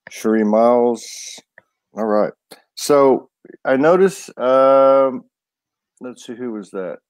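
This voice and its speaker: A man hosting a live online show, loose and a bit halting, greeting viewers by name before bringing on his guest. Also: medium pitch, a little mellow, dry recording. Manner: loose, stumbling, reads out names. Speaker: host.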